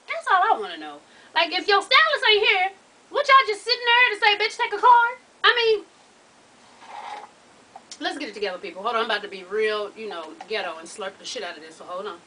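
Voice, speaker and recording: A woman's voice: high voice, brisk, slight background noise. A young woman telling a long story in a casual vlog, profane and laughing through it. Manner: animated, profane, laughs through her stories. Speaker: vlogger. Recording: voice from a distance off the mic.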